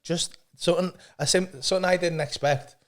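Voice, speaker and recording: A man's voice: high voice, steady tone, brisk, fairly bright tone. A man, a comedian guest, telling jokey self-deprecating stories in casual chat.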